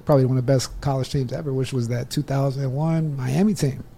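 A man's voice: medium pitch, brisk, gravelly, breathy edge. Laid-back man hosting a chat. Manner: relaxed, laughs along, short agreeing replies. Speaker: interview host. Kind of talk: casual conversational interview.

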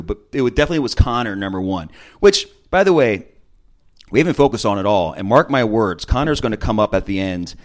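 A man talking casually, recapping a reality dating show with chatty, opinionated asides and frequent ums. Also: fairly low pitch. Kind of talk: casual chat.

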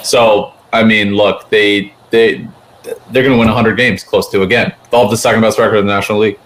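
A man's voice: fairly low pitch, fairly even intonation, fairly bright tone. A man co-hosting a sports podcast, chatting casually and rambling with lots of fillers. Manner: rambling, quick, many fillers like "like". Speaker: podcast co-host.

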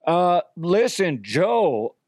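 A goofy cowboy fellow, put on by a man, drawls in halting bursts toward a crude punchline. He sits a little higher than a plain speaking voice and sounds set back from the mic. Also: sing-song, darkish tone, no room sound, clean studio sound, full character voice. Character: goofy male cowboy character.

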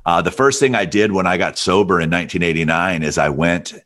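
A middle-aged Alabama man with a very deep, rich, radio-ready voice is a guest on an interview. He tells long stories in an easy, relaxed manner, talking fairly quickly.

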